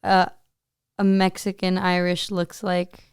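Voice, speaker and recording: A woman's voice: lowish voice, completely flat delivery, slow, clean tone, no room sound, clean studio sound. A woman co-hosting a casual podcast, chatting and sometimes reading notes aloud, with lots of "like" fillers. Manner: chatty, many "like" fillers, stumbles when reading. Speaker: podcast co-host.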